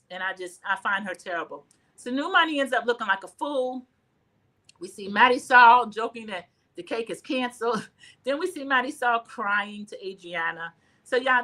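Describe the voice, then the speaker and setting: A chatty, opinionated middle-aged woman recaps a reality show, talking straight to her listeners. Her voice sits a little high and comes across bright and forceful. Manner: chatty, gossipy, opinionated, addresses listeners directly. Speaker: podcast host. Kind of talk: casual reality-TV recap commentary.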